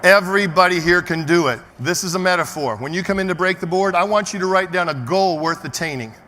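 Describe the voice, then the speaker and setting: A man giving a high-energy keynote speech to a live audience, punchy and repetitive, often firing questions at the crowd. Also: quick pace, bright, forceful tone. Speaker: motivational speaker. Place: large conference room with an audience. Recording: reverberant conference hall.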